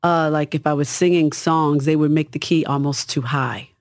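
Husky-voiced woman singer, dry sound. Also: steady tone, normal speed, no room sound. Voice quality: husky, low-toned. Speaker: singer, guest. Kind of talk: casual interview talk.

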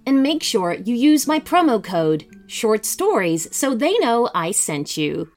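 Woman storyteller, gentle expressive read-aloud, children's story podcast, lively melodic voice, faint music. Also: fairly high pitch, unhurried. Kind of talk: scripted children's story narration.

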